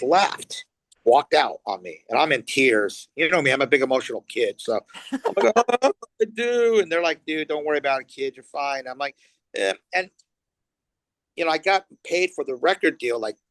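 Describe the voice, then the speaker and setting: A man's voice: mid-range voice, no room sound. A middle-aged man from Los Angeles, a guest musician telling stories in a casual interview, acting out quotes and swearing freely. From Los Angeles, USA. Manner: animated storyteller, acts out quotes, swears freely.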